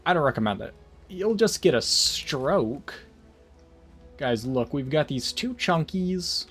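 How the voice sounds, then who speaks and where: A man's voice: fairly high pitch, animated, takes it slowly, a bit bright, slightly rough, faint music behind. A man casually chatting to his viewers while playing a game on a livestream, rambling with jokey asides. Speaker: streamer. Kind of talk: casual gaming livestream chat.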